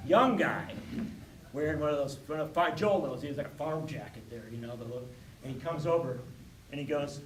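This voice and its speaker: A man giving an impassioned speech, moving between hushed storytelling and loud rallying cries. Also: fairly high pitch, brisk. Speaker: keynote speaker. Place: large hall with audience. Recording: echoey hall from far off, crowd and noise.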